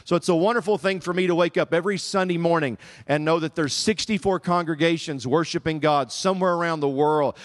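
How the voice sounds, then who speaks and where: Higher-voiced Southern man preaching. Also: brisk, few pauses. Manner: animated, humorous storytelling. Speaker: guest preacher. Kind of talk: sermon. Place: church service.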